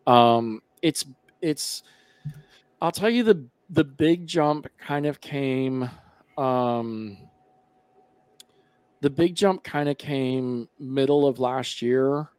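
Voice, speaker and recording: A man's voice: mid-range voice, very slow, long pauses, a little mellow, clean tone, dry recording. A man talking casually as a podcast guest, rambling with lots of fillers and restarts.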